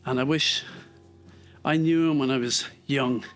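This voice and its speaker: A man's voice: medium pitch, steady tone, unhurried, fairly bright tone, faint music behind. An Irish man thinking aloud while walking on a treadmill, reflective and rambling, with lots of fillers. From Ireland. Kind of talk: casual thinking-aloud monologue.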